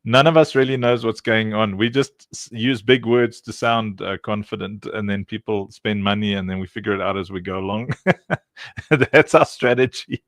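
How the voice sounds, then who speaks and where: A man's voice: lowish voice, fairly even intonation, moderate pace, fairly bright tone, no echo, clean studio sound. A man from South Africa hosting a casual stream chat, joking and laughing often. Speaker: stream host.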